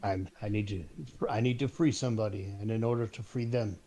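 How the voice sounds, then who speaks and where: Mellow-voiced male player. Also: fairly low pitch, steady tone, fairly quick. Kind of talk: casual tabletop play.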